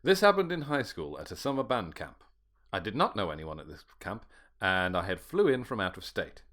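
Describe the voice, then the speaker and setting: Give me a British podcast co-host with a very animated, swooping voice who keeps laughing. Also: male voice, fairly quick. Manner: laughs often, swings into silly high put-on voices. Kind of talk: casual chat, reading a story aloud.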